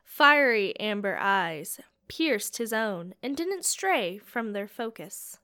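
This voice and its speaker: Woman audiobook narrator, unhurried, dramatic fantasy reading. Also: medium pitch, sing-song, sharp tone. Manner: slow, measured and dramatic.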